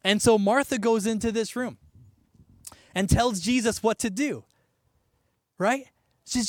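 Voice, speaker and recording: Man, pastor, sermon, high-pitched, conversational, animated, dry sound. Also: a little slow, long pauses, dry recording. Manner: conversational, animated, with frequent asides and laughs.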